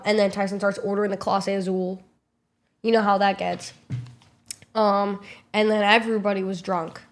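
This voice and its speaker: A young woman streamer vlogs a trip, telling the story to camera in a chatty, casual way. She swears freely and acts out quotes in high, squeaky voices.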